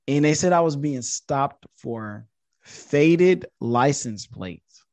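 A man in his thirties, a podcast guest, telling a story in a casual, animated way and jumping up in pitch when he quotes himself. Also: slow pace, dry recording. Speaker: podcast guest, social media influencer.

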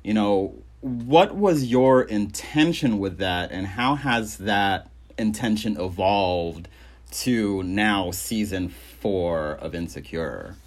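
A man co-hosting an interview, joking and stammering in a casual, animated way. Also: on the low side, slow. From Filipino family. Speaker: podcast co-host.

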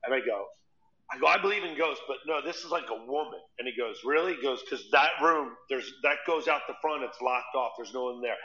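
Man, comedian, lively storyteller, bright forceful voice, muffled lo-fi sound. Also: mid-range voice, brisk. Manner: animated storytelling, acts out voices. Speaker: stand-up comedian. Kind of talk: casual chat. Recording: dull lo-fi audio.

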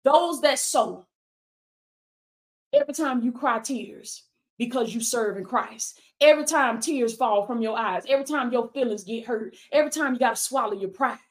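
A woman's voice: fairly high pitch, moderate pace. A woman preaching a motivational sermon on a livestream, calling out to viewers with "come on now" and "baby" and reading out their comments. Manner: reads viewer comments aloud. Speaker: life coach and preacher.

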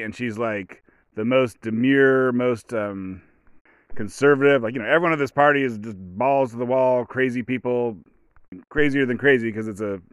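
A man's voice: mid-range voice, a bit bright, clean tone, dry recording, studio quality. A man hosting a casual solo podcast, rambling as he retells movie scenes and acts out the quotes. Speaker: podcast host.

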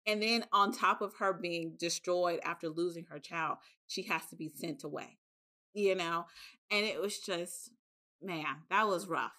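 A woman hosting a podcast, retelling a drama in an animated, emotional way. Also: lowish voice, a little slow. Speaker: podcast host. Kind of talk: casual chat.

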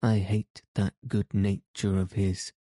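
A man's voice: fairly low pitch, flat delivery, takes it slowly, warm tone, dry recording, clean studio sound. A man reading as a bitter betrayed wife. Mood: bitter despairing.

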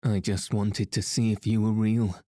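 A man's voice: fairly low pitch, level tone, moderate pace, dark tone, no echo, close to an everyday voice. A man reading a teasing, genial priest. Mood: gently teasing. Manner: playful, dry humor. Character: genial, teasing middle-aged male priest.

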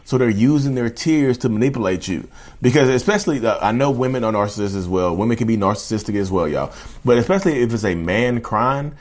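Rambling man talking to his viewers. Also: medium pitch. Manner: rambling, talks straight to viewers, frequent restarts and asides. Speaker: YouTube channel host. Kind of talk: casual monologue.

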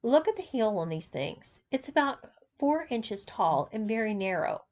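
A woman's voice: a little high, sing-song, unhurried, darkish tone. A woman voicing a stern, mean saleswoman in a shoe store who snaps and sneers at her customer. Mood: scornful. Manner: snapping, scornful.

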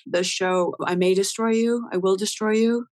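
A woman in her thirties, a rapper guest telling a story in a casual interview, animated and swearing often as she acts out what people said. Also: mid-range voice, normal speed, no room sound, low-quality recording. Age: 30s.

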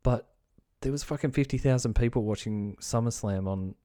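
A man's voice: medium pitch, normal speed, warm tone. A man hosting a podcast, giving blunt, rambling opinions with frequent swearing and restarts. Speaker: podcast host. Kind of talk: casual opinion commentary.

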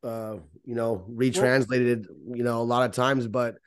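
A man in a casual faith discussion, talking haltingly with many restarts and repeated words. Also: mid-range voice, level tone, smooth. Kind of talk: casual chat.

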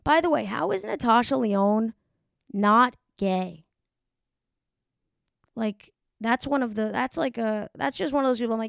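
A woman's voice: fairly high pitch, lively intonation, moderate pace, vocal fry, dry recording, clean studio sound. A woman, rambling casually and profanely as a solo podcast host. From New York. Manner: rambling, profane, self-deprecating.

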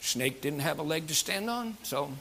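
Bright-voiced man preaching a folksy sermon. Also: a little high, expressive, moderate pace, a little hiss or hum. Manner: folksy, jokey preaching with many fillers; swings between quiet asides and raised emphatic passages. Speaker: pastor.

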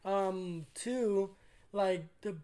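A young woman co-hosting a podcast in casual chat, slangy and quick to laugh. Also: mid-range voice, mellow. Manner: chatty, laughs often, slangy. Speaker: podcast co-host.

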